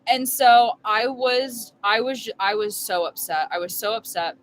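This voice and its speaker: A woman's voice: on the high side, a little slow, a little hiss or hum, low-quality recording. Rambling young woman telling a story. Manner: rambling, emphatic, heavy with "like" fillers. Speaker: full-time RV live streamer. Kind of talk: casual storytelling chat. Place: inside her RV while making dinner.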